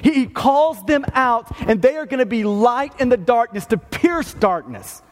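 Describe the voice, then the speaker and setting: A man's voice: extremely high pitch, lively intonation, moderate pace. A man preaching a sermon, emphatic, often restarting words and checking in with "okay" and "right". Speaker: pastor. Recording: long hall reverb.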